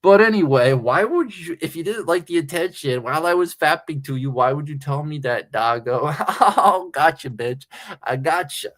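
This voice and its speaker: A man's voice: fairly high pitch, moderate pace, fairly bright tone. Crude rambling streamer guy. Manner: crude, rambling, laughs often. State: slightly tipsy. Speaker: livestream host. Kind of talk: casual livestream chat.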